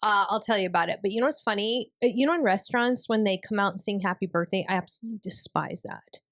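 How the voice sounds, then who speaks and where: A woman's voice: medium pitch, fast, a bit bright, no echo, studio quality. A woman, hosting a casual chat in a bubbly, giggly way. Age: 30s. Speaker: podcast host.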